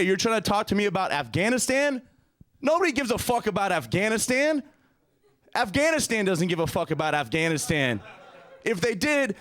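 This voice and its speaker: A man's voice: high voice, fairly bright tone. A man doing a stand-up comedy set in a profane, ranting way. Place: comedy stage before a live studio audience.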